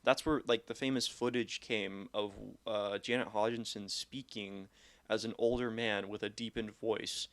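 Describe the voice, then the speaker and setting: A man's voice: lowish voice, a little slow. Rambling young man telling spooky stories. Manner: rambling, animated storytelling with swearing. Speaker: podcast co-host. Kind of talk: casual chat.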